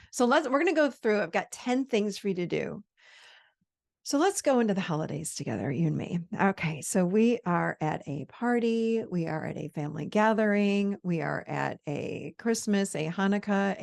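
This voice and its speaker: A woman host giving personal growth advice, emphatic and animated, often repeating her phrases. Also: mid-range voice, creaky. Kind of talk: talking-head advice talk.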